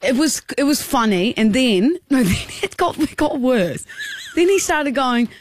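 A young Australian woman hosting a radio show, telling stories in a lively way and acting out the people in them. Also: high voice, measured pace, slight background noise. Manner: animated storyteller, acts out the people in her stories. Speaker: radio host. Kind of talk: casual radio banter. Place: radio studio.

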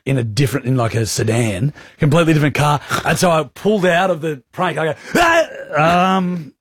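An Australian man hosting a radio show, telling stories in animated, laughing banter from the studio. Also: on the high side, quick pace, slightly rough, dry recording. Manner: animated storyteller, laughs often. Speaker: radio host.

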